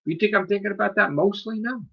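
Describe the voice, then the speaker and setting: A man's voice: high-pitched, fast talker, gravelly, breathy edge, highs cut off. A man hosting his own live stream, ranting in a heated, profane, scolding way. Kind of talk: angry live-stream rant.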